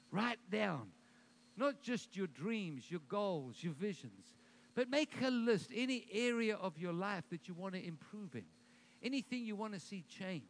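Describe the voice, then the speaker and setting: A middle-aged man preaching a sermon as pastor, building points with emphatic repeated declarations and dropping in joking asides. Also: high voice.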